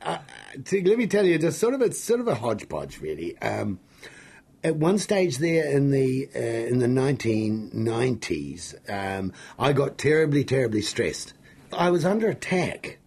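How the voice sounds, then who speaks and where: The husky, gravel-voiced Kiwi man, middle-aged, is an interview guest telling animated stories, full of jokes and excited tangents. He talks at medium pitch and a normal speed.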